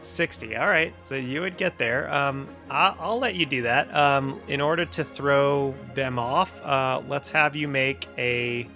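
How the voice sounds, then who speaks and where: A man's voice: mid-range voice, measured pace, few pauses, sharp tone, faint music behind. A man running a tabletop game as dungeon master, narrating loosely with restarts and laughs.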